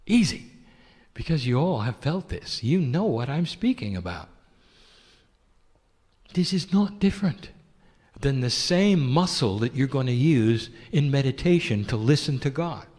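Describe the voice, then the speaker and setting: A man giving a channeled spiritual talk, posing gentle rhetorical questions and calling the listener "dear one". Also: mid-range voice, lively intonation, measured pace, in a large hall.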